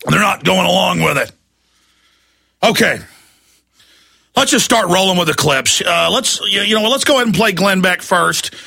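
A man hosting a talk radio show, delivering an angry, sarcastic rant that often breaks into shouting. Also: high-pitched, lively intonation, moderate pace, vocal fry, pauses often.

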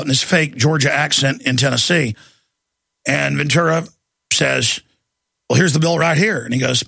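A man hosting a talk show, delivering a heated, ranting monologue with bursts of shouting. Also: on the high side, vocal fry, dry recording.

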